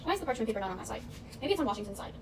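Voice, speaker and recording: A young woman talks fast and a little high as she bakes in her home kitchen, joking at her own expense and breaking into snatches of show tunes. She is heard from a camera set some way off. Clear noise runs under her voice. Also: sing-song. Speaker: vlogger. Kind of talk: casual baking vlog chat. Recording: distant camera mic with noise.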